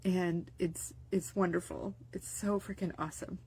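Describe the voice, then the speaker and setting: A woman's voice: on the low side, level tone, moderate pace, dark tone, husky. A woman vlogger talking in a casual, rambling spoken-diary monologue, with many restarts and fillers. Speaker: mindset vlogger and business owner.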